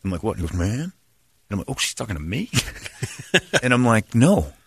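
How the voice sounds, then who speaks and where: Male host in his 40s, low voice with a lively range, loud bursts of comic impressions. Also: normal speed, husky, no echo. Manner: animated, jumps into loud high impressions and shouts. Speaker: radio show host. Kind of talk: casual podcast storytelling.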